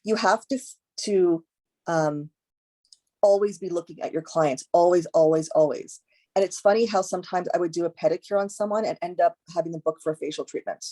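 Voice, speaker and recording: A woman with a lowish, mellow voice speaks as a guest in a conversational interview. She talks emphatically, repeating her key points and acting out little exchanges with clients. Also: brisk. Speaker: guest esthetician.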